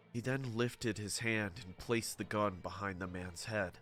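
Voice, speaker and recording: A man narrating a horror story in a steady, dramatic scripted telling. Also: on the low side, measured pace, hardly any pauses, faint music behind.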